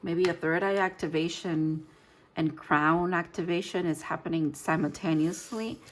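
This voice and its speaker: A woman's voice: on the low side, fairly even intonation, normal speed, a little hiss or hum. Rambling woman giving a tarot reading. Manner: rambling, searching for words, frequent fillers. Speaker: tarot reader.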